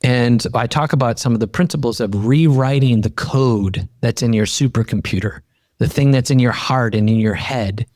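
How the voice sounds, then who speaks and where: A man's voice: normal speed, a little mellow, dry recording. Middle-aged man, emphatic, dry sound. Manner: emphatic, voice climbing high when fired up. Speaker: podcast guest, author and coach. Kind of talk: animated personal storytelling in conversation.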